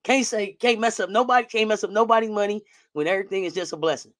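A woman mimicking a young woman athlete who gives soft, flat, evasive post-game answers. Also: medium pitch, quick pace, no echo, clean studio sound, pitched above the performer's own voice, lightly acted. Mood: mock-humble.

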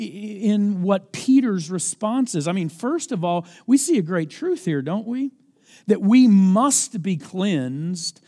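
A man, a campus pastor, preaching a sermon with earnest, deliberate emphasis and an occasional self-deprecating aside. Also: sits high, warm tone. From United States.

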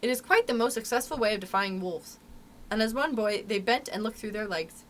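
A young adult woman, a librarian, reading a story aloud to children in an expressive, animated way. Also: mid-range voice, brisk, a little hiss or hum.

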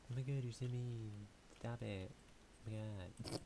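Steady, warm, and medium-pitched, this young gaming YouTuber's voice moves at a measured pace. He chats loosely through his let's-play, talking to himself, humming, and muttering as he goes. Slight background noise is present.

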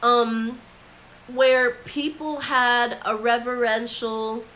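This female Bible teacher draws out her words in a fairly high, level voice with a bit of brightness. Her casual commentary is full of "like" and dramatized quotations, delivered conversationally over a rough recording.

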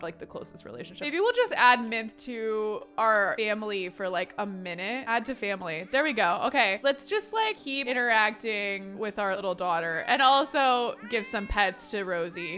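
A young woman commentating a life-sim game playthrough, excitable and gushing. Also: on the high side. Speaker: gaming YouTuber.

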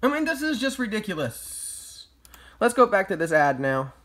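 A man's voice: high-pitched, big pitch swings, moderate pace, fairly bright tone. A man delivering sarcastic, mock-outraged comedic commentary as a vlogger. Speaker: YouTube vlogger.

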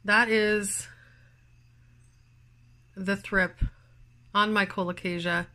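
Female vlog host, easygoing chatty delivery with fillers and laughs, slow pace. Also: medium pitch, fairly even intonation, bright, forceful tone. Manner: chatty, filler-heavy, giggly, talks to viewers. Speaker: plant channel host. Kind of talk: casual chat vlog. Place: home, indoors.

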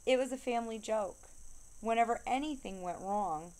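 A woman reading a children's novel aloud, steady storytelling that slows down to stress repeated refrains. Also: a little high. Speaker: reader.

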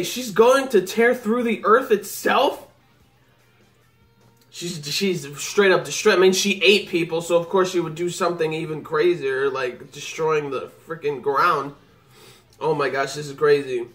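A man hosting a live manga reaction, excitable and rambling as he reads and exclaims. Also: fairly high pitch, a little slow, faint music behind. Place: home computer setup.

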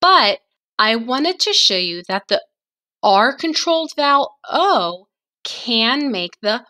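A woman teaching a phonics lesson to young children, enunciating slowly and drawing out each sound. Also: fairly high pitch, big pitch swings, pushed and bright. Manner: slow, clearly enunciated, drawn-out sounds.

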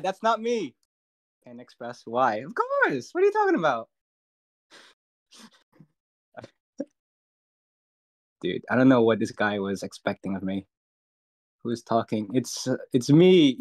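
A man's voice: mid-range voice, animated, unhurried, pauses often, no room sound, studio quality. Flustered, joking young man. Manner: flustered, joking, talks to himself. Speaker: streamer's friend covering the chat. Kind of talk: casual live-stream chat.

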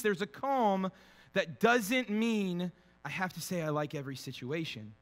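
A young man delivers a casual, joking sermon, bouncing between teaching and playful acted-out quotes. His voice sits high and sounds bright. It rings with the long reverb of a large church hall. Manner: animated, acts out quotes with funny voices. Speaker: pastor.

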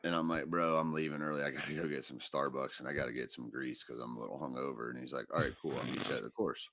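A man's voice: very deep voice, steady tone, fast, fairly bright tone, a little hiss or hum. A man co-hosting a podcast, telling a long funny story in casual chat and laughing through the punchlines. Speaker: podcast co-host.

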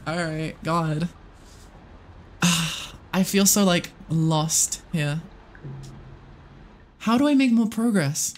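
Excitable, swearing game streamer. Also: medium pitch, slight background noise. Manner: excitable and swearing, chatting with viewers; rambling with frequent restarts and self-talk. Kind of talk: live game-stream commentary.

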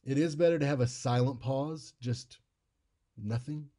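American guy lecturing on how to give a speech, relaxed chatty teacher, warm mellow voice, says things twice. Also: mid-range voice, a little slow. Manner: conversational, demonstrative, repeats key points. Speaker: public speaking instructor. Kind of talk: informal lecture.

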